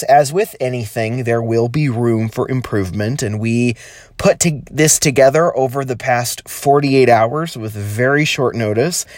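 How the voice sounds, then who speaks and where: A man, a pastor, talks into his phone in a calm, conversational sermon rather than a pulpit voice. His voice is mid-pitched and sits dry and close, with no room sound around it. He speaks earnestly and warmly welcoming, leaning into slow, emphatic phrases. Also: dry recording. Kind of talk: informal recorded sermon. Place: at home, not in the sanctuary.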